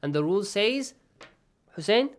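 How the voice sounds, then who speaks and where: Man with going over quran rules, clear smooth voice, keeps asking "okay?". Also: high-pitched, lively intonation, moderate pace. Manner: patient, quizzing students with repeated "okay?". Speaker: Quran teacher. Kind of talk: online tajweed lesson.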